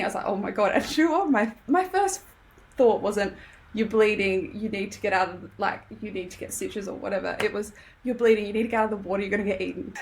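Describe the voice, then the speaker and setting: A young Australian woman, guesting on a podcast, tells a story in a relaxed, animated way, laughing often as she acts out what people said. Her mid-range voice is gravelly, and there's a little background noise.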